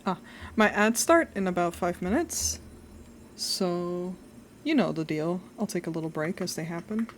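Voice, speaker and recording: A woman's voice: lowish voice, expressive, a little slow, slight background noise. A young adult woman chatting casually while drawing on a live stream, rambling and self-reflective, laughing often.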